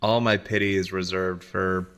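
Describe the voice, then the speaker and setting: A man's voice: deep voice, level tone, normal speed, a bit bright, clear, resonant tone. A man co-hosting a podcast, talking in a laid-back casual way and laughing often. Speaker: podcast co-host. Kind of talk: casual chat.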